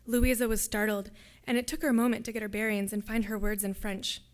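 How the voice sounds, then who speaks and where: A woman, a graduate student, reading her own fiction aloud at a public reading in a lecture hall, in a steady descriptive way. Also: medium pitch, fairly quick.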